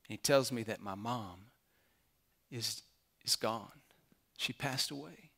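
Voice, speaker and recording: A man's voice: medium pitch, slow pace, vocal fry, sharp tone, husky. A man, a pastor giving a sermon in an earnest storytelling way that builds to emphatic climaxes.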